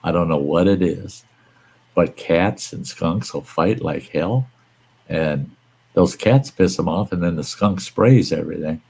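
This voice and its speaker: A man's voice: deep voice, a little slow, gravelly, a little mellow, husky, low-quality recording. A man hosting a live stream, chatting casually and telling rambling, folksy stories with some mild cursing. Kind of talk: casual chat.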